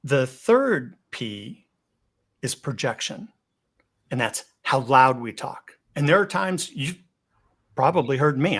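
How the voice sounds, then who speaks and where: Man coaching with lively vocal variety. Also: husky. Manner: animated, varies pace, pitch and loudness for emphasis; repeats words when starting a thought. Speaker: webinar guest speaker. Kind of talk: instructional webinar talk.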